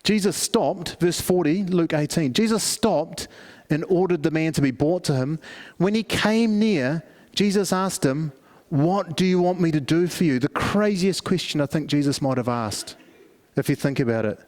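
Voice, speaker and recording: Conversational middle-aged preacher, higher voice. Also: male voice, expressive, moderate pace, a little mellow. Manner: conversational storytelling with many restarts. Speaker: pastor. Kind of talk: family service sermon.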